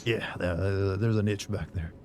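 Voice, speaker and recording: Hoarse low-voiced man streaming games. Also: fairly even intonation, normal speed, a little hiss or hum. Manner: rambling, jokey, chats with viewers. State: hoarse from a sore throat. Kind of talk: casual gameplay commentary.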